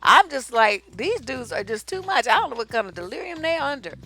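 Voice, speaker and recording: A woman's voice: high voice, a little fast, faint music behind. A woman relationship coach, giving blunt, profane, sassy advice while answering viewer questions on a live stream. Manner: profane, sassy, animated storytelling.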